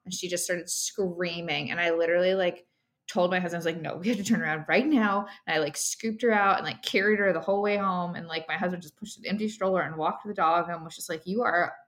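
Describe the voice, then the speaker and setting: A woman's voice: lowish voice, steady tone, quick pace, a bit bright. A woman and new mother chatting casually on a podcast, with lots of fillers.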